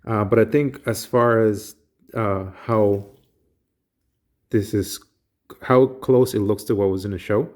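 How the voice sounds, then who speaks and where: A man casually reviewing a collectible action figure, relaxed, with frequent ums and restarts. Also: lowish voice, slow, long pauses.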